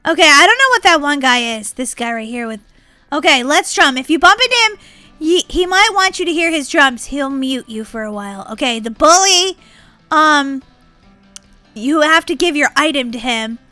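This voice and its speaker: A woman giving excited gameplay commentary as a channel host, squealing, laughing and crying out in bursts of panic. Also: high-pitched, normal speed, no room sound, soft background music. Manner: squealing, laughing, breathless exclamations.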